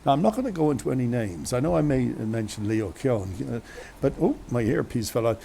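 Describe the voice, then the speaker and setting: A man's voice: mid-range voice, expressive, fairly quick, creaky, warm tone. An Irish man, a radio host, telling a long chatty story outdoors on a windy day, full of asides and restarts. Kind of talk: rambling anecdotal storytelling. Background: wind.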